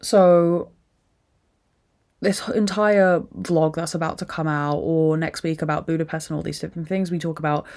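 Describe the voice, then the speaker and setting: A young woman talks alone into the mic, her voice sitting low and dark. She is drained and upset, and she vents openly with plenty of swearing. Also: fairly even intonation, normal speed. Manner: emotional venting, frequent swearing. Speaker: podcast host. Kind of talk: candid solo monologue.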